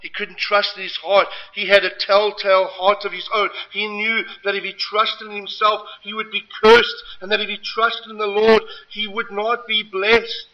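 Male preacher, high and very bright voice, impassioned pulpit delivery, dull lo-fi recording. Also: little pitch movement, normal speed, hardly any pauses. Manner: impassioned, emphatic preaching with dramatic swings in loudness. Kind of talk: sermon.

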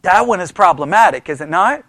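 A man teaching a church Bible study in an animated way, often checking with the class and acting out the voices of people who disagree. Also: high voice, a little fast, dry recording, studio quality. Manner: animated, talks to the class with frequent "right?" checks; mimics opponents in mocking quoted voices.

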